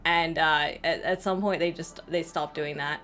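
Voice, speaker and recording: A woman's voice: low-pitched, measured pace, fairly bright tone. A woman co-hosting a casual show, teasing her partner and laughing a lot. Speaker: podcast co-host. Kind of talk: casual chat.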